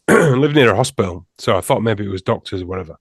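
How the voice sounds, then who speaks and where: Guy, mid-pitch, dry close sound, rambling anecdotes in a casual podcast roundtable. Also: expressive, fast talker, gravelly, no echo. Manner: rambling storyteller, laughs often. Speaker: podcast guest.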